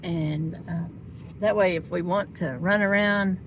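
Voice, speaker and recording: A woman's voice: fairly low pitch, steady tone, measured pace, dull audio. A woman vlogging from inside a vehicle and cooing at her dogs in baby talk. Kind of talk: casual vlog chat. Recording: loud vehicle noise behind.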